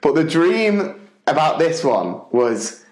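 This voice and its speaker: A man with a fairly high voice tells a story with lively energy and breaks into laughter as he goes. The recording has a noticeable echo of the room around him. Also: takes it slowly. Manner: animated anecdote-telling, laughing often. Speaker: podcast co-host and teacher. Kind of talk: casual storytelling.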